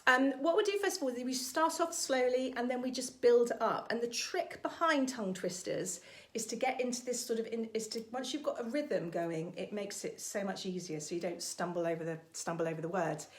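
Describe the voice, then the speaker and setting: A woman's voice: a little high, fairly quick. A woman vocal coach, leading an online singalong lesson in a chatty, encouraging way. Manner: encouraging, chatty, sings warm-up exercises.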